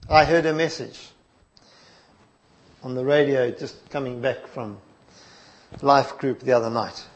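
Slow, measured male preacher. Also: mid-range voice. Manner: measured, emphatic, drops to soft asides. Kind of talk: sermon.

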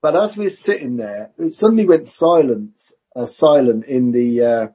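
A man preaching a sermon in a church, measured and conversational with self-aware asides. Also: mid-range voice, lively intonation, dark tone, breathy edge. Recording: dull lo-fi recording.

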